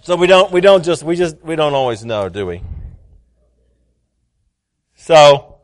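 A middle-aged man preaching a sermon, often repeating words and rising to loud, fervent heights as he tells a story. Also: a little high, big pitch swings, measured pace.

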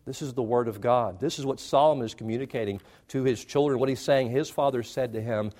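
A male pastor preaching a sermon, emphatic and repetitive, rising in pitch to stress key phrases. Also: a little fast, a little mellow.

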